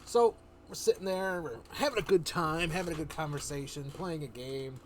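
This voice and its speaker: A man on a livestream telling a story in a loose, rambling way, often correcting himself and slipping into quick voices for the characters. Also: fairly high pitch, a little hiss or hum. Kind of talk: casual storytelling chat.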